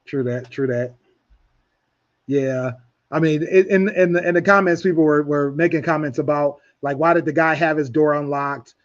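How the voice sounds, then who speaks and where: A man's voice: fairly high pitch, moderate pace, muffled recording. A man hosting a talk radio show in casual chat, rambling with many restarts.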